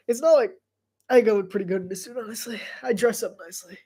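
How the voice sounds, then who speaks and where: A woman's voice: a little high, quick pace, dark tone, husky. A congested woman giving casual live game commentary, chatty and rambling, laughing often. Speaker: sports commentator.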